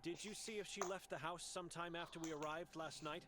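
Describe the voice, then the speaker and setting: A man's voice: fairly high pitch, steady tone, brisk, noisy background, pitched above the performer's own voice, close to an everyday voice. A man voicing an earnest young male monk who urgently questions people about his missing sister, reading game dialogue aloud on a live stream.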